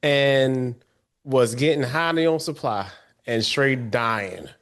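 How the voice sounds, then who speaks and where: A man co-hosting a casual podcast, sharing his thoughts in a relaxed, measured way. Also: medium pitch. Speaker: podcast co-host. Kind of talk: casual chat.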